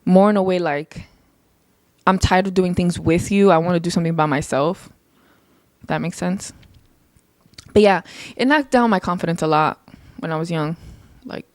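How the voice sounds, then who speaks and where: A young woman hosting her own podcast, talking casually and passionately, her voice climbing high when she gets heated. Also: fairly even intonation, normal speed, pauses often, no room sound. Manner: passionate, emphatic, rises into heated rants. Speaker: podcast host. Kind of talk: casual solo podcast monologue.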